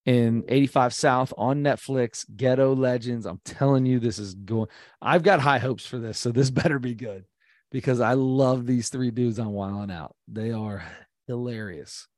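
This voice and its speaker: A man's voice: medium pitch, moderate pace, dry recording. Chatty, rambling podcast guy, dry mic. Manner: excitable, rambling, lots of fillers. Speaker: podcast co-host. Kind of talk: casual chat.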